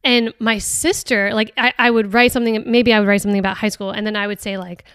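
A podcast host talks casually and earnestly about a book, sounding chatty but hesitant, with lots of restarts and fillers. Her mid-range voice is fairly bright, clear, and resonant, with fairly even intonation and a fast delivery. The dry studio recording sounds high quality.

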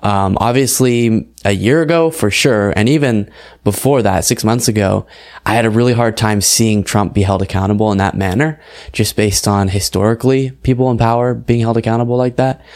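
Low-voiced young male news commentator. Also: a little mellow. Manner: conversational, incredulous, with fillers and laughs. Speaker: political commentary show host. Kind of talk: casual online news commentary.

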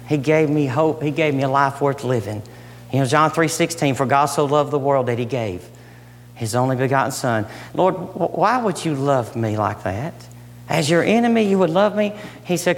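A middle-aged man preaching a sermon with passion, swinging from loud emphatic lines down to soft, hushed ones. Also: on the high side, a little hiss or hum. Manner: impassioned, rising and falling between loud emphasis and soft near-whispers. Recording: long hall reverb.

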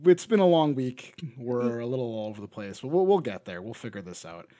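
A man's voice: mid-range voice, animated, a little fast, warm tone. A man with a Canadian accent co-hosting a podcast in casual chat, rambling and restarting his sentences. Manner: rambling, restarts often, laughs between remarks. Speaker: podcast co-host.

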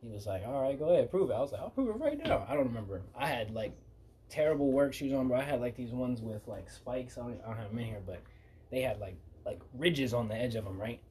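A man hosting a podcast, telling loose, profane stories in a casual, animated way. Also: mid-range voice, fast, slight background noise. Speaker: podcast host.

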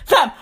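A woman with a South African accent delivering a profane, slangy comic rant with mocking, emphatic repetition. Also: fairly bright tone.

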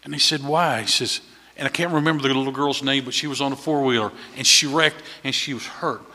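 A man preaches in a church, telling folksy stories with a bright, forceful voice. His voice swells louder at key points, and a long reverb trails after his words in the hall. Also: medium pitch, a little fast. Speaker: visiting preacher. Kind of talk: sermon. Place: church sanctuary.

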